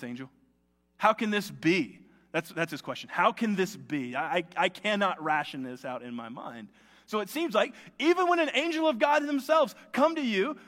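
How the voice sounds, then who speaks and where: A pastor preaches to his congregation with a light, high-set man's voice. He is animated and slips into other voices to act out the people he quotes. His words ring out with the long reverb of a church hall. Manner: animated, acts out quotes with shifting voice. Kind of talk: sermon.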